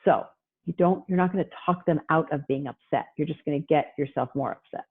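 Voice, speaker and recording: A woman presenting on parenting in a casual talk over a video call, chatty and acting out parents and kids in quick asides. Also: sits low, husky. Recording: tinny phone-like line.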